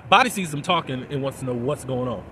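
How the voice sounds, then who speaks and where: A man casually recapping a TV episode in a chatty, chuckling way, softening the swear words as he goes. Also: mid-range voice, expressive, quick pace, a little hiss or hum, poor audio. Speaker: TV episode reviewer.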